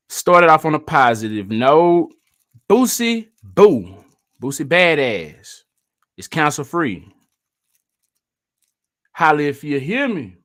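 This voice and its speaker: A man's voice: a little high, fairly bright tone. A man hosting a casual live stream, talking in loose slang and greeting viewers by name as they join.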